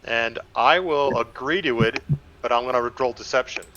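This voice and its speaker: A man's voice: medium pitch, moderate pace, pushed and bright, dull audio, a little hiss or hum. A man playing a tabletop game, casually explaining what his character does. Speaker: player.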